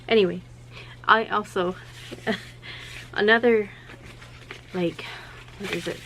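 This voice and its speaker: A woman hosting a casual vlog, talking in a chatty, rambling way and acting out quotes in a high voice. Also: fairly even intonation, a little slow, creaky, long pauses, a bit bright, slight background noise. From South Carolina, US. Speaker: channel host. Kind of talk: casual chat to camera.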